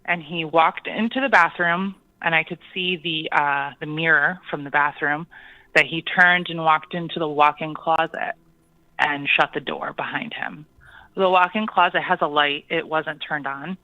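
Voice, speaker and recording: A caller telling a personal ghost story on a call-in show, hesitant, with many pauses and ums. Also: mid-range voice, steady tone, no room sound, muffled recording.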